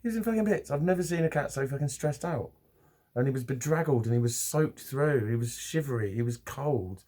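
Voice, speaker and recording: A man's voice: medium pitch, lively intonation, fairly quick, mellow. A man talking to camera in a rambling, casual vlog, swearing often and restarting his sentences. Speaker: vlogger.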